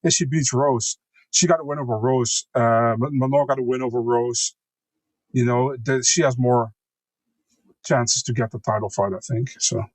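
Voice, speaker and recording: A man's voice: mid-range voice, steady tone, normal speed, no room sound, poor audio. A man co-hosting a podcast in casual chat, laid-back, often answering with short agreeing replies. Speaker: podcast co-host.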